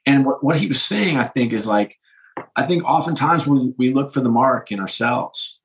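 A man's voice: medium pitch, lively intonation, moderate pace, slight background noise, low-quality recording. A middle-aged man hosting a podcast conversation, enthusiastic and rambling, often restarting his sentences. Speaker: host.

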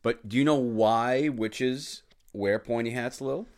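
A woman's voice: rumbling low, slow pace, a little mellow. A middle-aged woman hosting a podcast, chatting casually with her co-host and reading fun facts in a playful, teasing way. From Rhode Island, USA. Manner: playful, teasing, laughs easily.

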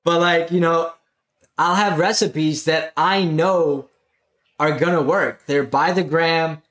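A man's voice: a little high, steady tone, slow pace, fairly bright tone, reverberant. A man co-hosting a casual conversation, laid-back and full of fillers. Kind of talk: casual chat.

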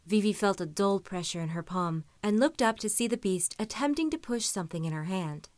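A woman narrating a story in an even, measured reading voice. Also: medium pitch, no room sound. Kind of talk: audiobook-style story reading.

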